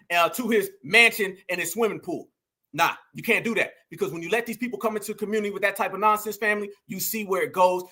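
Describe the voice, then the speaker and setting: Guy with a real high bright voice preaching his take to the viewers, fired up. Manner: emphatic, preachy, calls out to viewers. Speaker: commentary host. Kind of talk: opinionated commentary.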